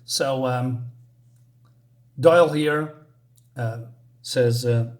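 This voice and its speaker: A man chats his way through a comic book review in a loose, casual manner. He rambles, stacking up fillers and restarting his sentences. His voice sits at an everyday middle pitch. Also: slow, long pauses, a little mellow.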